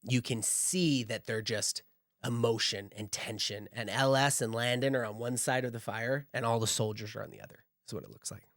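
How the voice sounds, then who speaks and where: A male game master narrating a tabletop game, loose and casual in his delivery. His voice sits at an average pitch. The sound is dry, with almost no room around it. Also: fairly even intonation, normal speed, fairly bright tone, no echo.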